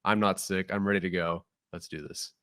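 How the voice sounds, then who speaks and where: Confident man, low dry voice. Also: flat delivery, fairly quick, a bit bright, clear, resonant tone, no room sound. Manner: upbeat, confident analysis. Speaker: podcast co-host. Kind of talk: casual sports podcast chat.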